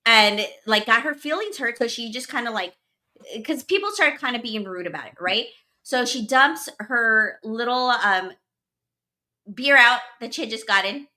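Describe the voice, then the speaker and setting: A woman's voice: a little high, expressive, moderate pace, pushed and bright. A young woman hosting a podcast, telling a story in casual chat, full of "like" and filler words. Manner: chatty, full of "like" and "blah, blah". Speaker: podcast host.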